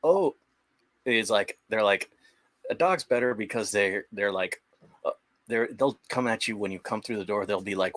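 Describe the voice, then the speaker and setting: Young man, bright tense voice, lowish pitch, dry sound, rambling casual chat. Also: normal speed, no room sound. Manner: rambling, many restarts and fillers, swears casually. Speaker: guest on a live stream.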